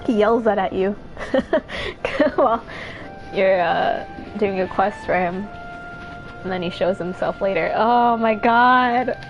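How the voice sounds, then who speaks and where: A woman streamer giving excitable, swearing, laughing live commentary while she plays. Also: mid-range voice, takes it slowly, pauses often, poor audio. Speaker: game streamer. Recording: game music loud behind voice.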